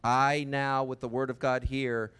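A man's voice: medium pitch, flat delivery, unhurried, a bit bright, clear, resonant tone. A man preaching a sermon in a conversational way, often asking the listeners rhetorical questions.

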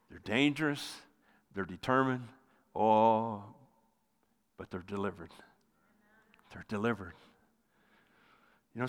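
A male pastor preaching a sermon with passion, rising loud and then dropping to near quiet. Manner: impassioned preaching, swells loud then drops low. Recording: long hall reverb.

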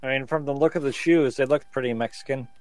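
A man's voice: mid-range voice, steady tone, fast talker, darkish tone, dry recording. A man joking crudely in casual chat while watching a show with friends. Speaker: watch-along podcast co-host.

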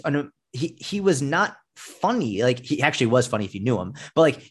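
A man speaking as a fitness coach guest in a casual podcast interview, blunt and emphatic, with frequent swearing. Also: medium pitch.

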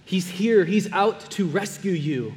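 A man preaching a sermon as a pastor, earnest, dropping to hushed tones and then rising to emphatic ones. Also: high-pitched, expressive, measured pace, long reverb tail. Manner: earnest, swings between soft hushed lines and raised emphatic ones.

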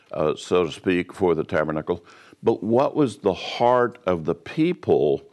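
Man, deep low voice, sermon, Bible teaching, unhurried explaining, fillers and restarts. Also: a little mellow. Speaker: pastor.

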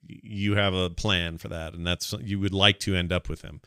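Bright-voiced laid-back male podcast host. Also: low-pitched, steady tone, moderate pace, smooth, dry recording, studio quality. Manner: laid-back, chuckling, reads listener mail. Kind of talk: casual comedic chat.

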